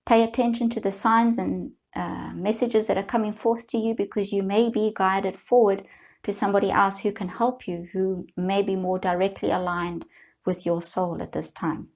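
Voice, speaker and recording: A middle-aged woman coaching listeners through a guided self-help exercise, speaking slowly in a soothing, gently encouraging way. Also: medium pitch. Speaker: healing coach.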